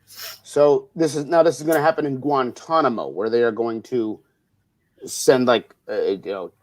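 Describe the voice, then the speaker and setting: A man's voice: mid-range voice, moderate pace, darkish tone. A man co-hosting a casual political talk show, blunt and emphatic, with frequent swearing. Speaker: co-host.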